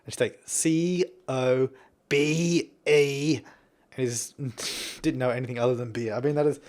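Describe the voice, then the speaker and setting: A man's voice: medium pitch, steady tone, fairly quick, a little mellow. Rambling young Australian man. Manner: rambling, self-deprecating, chuckling often. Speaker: game builder commentator. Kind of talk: casual gameplay voice-over.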